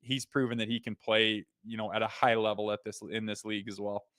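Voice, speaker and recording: Excitable rambling man, dry close sound. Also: on the low side, a little fast, no room sound. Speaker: co-host; father. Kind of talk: casual sports podcast chat.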